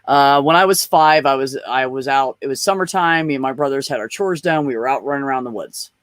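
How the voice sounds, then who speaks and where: Trans man, mid pitch, plain-spoken storyteller, swears freely, dry close recording. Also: a little fast, fairly bright tone, no room sound. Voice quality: blunt and profane, storytelling. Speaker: podcast guest. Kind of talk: casual chat.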